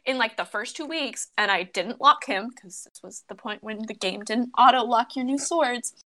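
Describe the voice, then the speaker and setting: A young woman co-hosting a casual chat, telling stories in an animated, exasperated way and swearing freely. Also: on the high side, moderate pace. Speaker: podcast co-host. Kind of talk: casual chat among friends about a mobile game.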